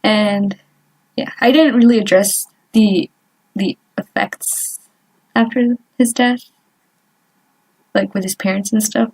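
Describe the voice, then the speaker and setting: A woman's voice: medium pitch, steady tone, slow, long pauses, darkish tone, breathy edge. A young woman vlogger chatting casually while she doodles, rambling and trailing off with lots of fillers and little laughs. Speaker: artist vlogger.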